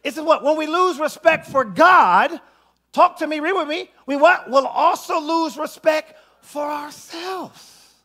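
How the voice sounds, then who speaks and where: A male pastor preaching a sermon, calling out to his congregation and getting them to answer back, building up to shouted peaks. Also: extremely high pitch, a little slow. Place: church sanctuary.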